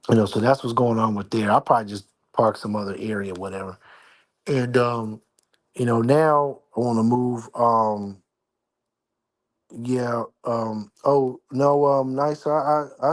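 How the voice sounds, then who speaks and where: A man chatting casually on a livestream from his apartment, rambling and slangy while keeping his voice down. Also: medium pitch. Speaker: livestream host. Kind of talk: casual live-stream chat. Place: at home, apartment.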